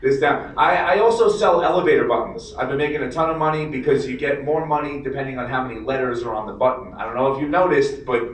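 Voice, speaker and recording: A man's voice: medium pitch, fast, hardly any pauses. A man hosting a live stand-up set, brash and profane, teasing the audience during crowd work. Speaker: comedy host. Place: casino showroom. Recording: roomy live recording from far off with crowd.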